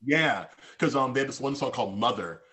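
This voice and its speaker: A man's voice: medium pitch, animated, a little fast, pushed and bright. A man as a podcast guest, speaking candidly and reflectively about personal feelings, with many fillers and restarts.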